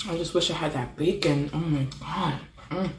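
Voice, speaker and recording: Chatty woman eating on camera, gravelly. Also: deep voice, moderate pace, roomy sound, slight background noise. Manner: chatty, savoring with frequent mm sounds between bites. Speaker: food vlogger. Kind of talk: casual mukbang eating vlog.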